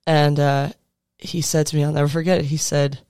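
In a brisk, flat delivery, a slightly high-voiced man in his thirties, a sports coach, gives fellow coaches an earnest, conversational motivational talk with casual fillers and restarts. His tone is darkish but clear and resonant. The recording is dry and of studio quality.

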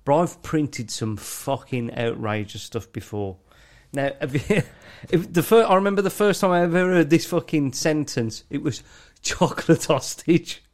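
A man's voice: a little high, a little slow, few pauses. A man telling stories in casual podcast banter, swearing heavily. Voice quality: lively delivery, heavy swearing. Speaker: podcast co-host, t-shirt printer.

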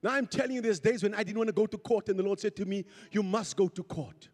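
A man with a strikingly high voice preaches to his congregation, calling on them to answer back and climbing into shouts. The sound rings with the long reverb of a church hall. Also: fast, faint music behind. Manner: call-and-response preaching, urging the congregation to repeat; rising to shouts at peaks. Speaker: pastor. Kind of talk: sermon.

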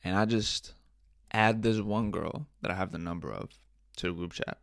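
A man's voice: low voice, moderate pace, gravelly, dry recording, clean studio sound. Slangy, laughing young man on a podcast. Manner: profane, slangy storytelling with frequent laughs. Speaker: podcast host. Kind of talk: casual solo podcast chat.

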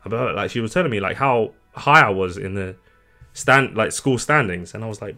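A man's voice: on the low side, a little fast, faint music behind. A young man co-hosting a podcast, telling a story in casual chat with lots of swearing. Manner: animated, swears a lot. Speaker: podcast co-host.

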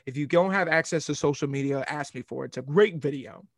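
A young man hosting a sports podcast, telling a rambling, animated story in casual talk. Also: a little high, fast talker, no room sound, clean studio sound.

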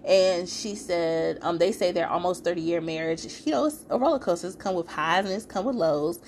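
A woman's voice: fairly low pitch, normal speed, slight background noise. Chatty woman podcast host. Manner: chatty, expressive, many fillers. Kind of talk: casual episode recap.

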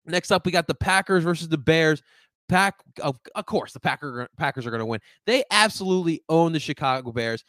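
A man hosts a live sports stream in a slightly high voice, jumping between loud shout-outs to chat and mumbled asides. He talks in rambling runs full of restarts. The sound is dry and close, with no room echo. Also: fairly quick. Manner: animated, swings from loud greetings to low asides. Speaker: sports show host reading live chat.

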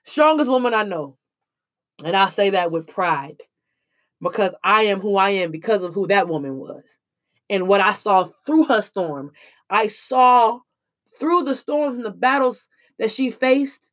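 A woman's voice: mid-range voice, animated, a little slow, a bit bright. A young woman speaking in an earnest, emphatic monologue, casual and slangy as she shares hard-won lessons. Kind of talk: emotional personal monologue.

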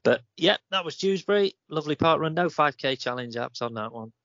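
A man's voice: on the high side, animated, brisk, a bit bright, dry recording. A man, chatting casually as a podcast co-host, rambling and laughing easily. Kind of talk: casual chat. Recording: dull, dry lo-fi sound.

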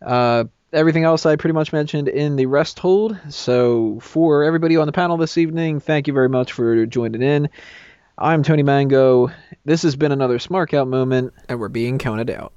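A man hosting a casual podcast, briskly wrapping up the show. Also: medium pitch, a little mellow, clear, resonant tone, dry recording. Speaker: podcast host. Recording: dull lo-fi dry sound.

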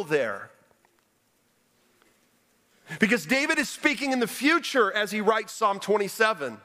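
A man preaching a sermon as pastor, earnestly questioning his congregation and dropping low and quiet for emphasis. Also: very animated, measured pace, long pauses. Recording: long reverb of a large hall.

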